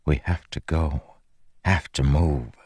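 A man's voice: a bass voice, slow pace, darkish tone, husky, no echo, heavily acted. A man voicing a desperate young man, a former slave, who cries out in anguish. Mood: urgent. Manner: anguished, pleading.

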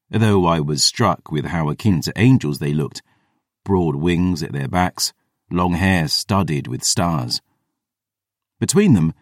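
A man reading first-person fantasy audiobook narration in a measured, descriptive manner, close to the mic. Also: sits low, no echo.

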